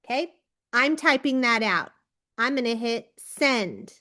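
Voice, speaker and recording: A woman leading a team training on a video call, giving an energetic pep talk and calling on people by name. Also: fairly high pitch, slow pace. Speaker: team leader coaching recruits.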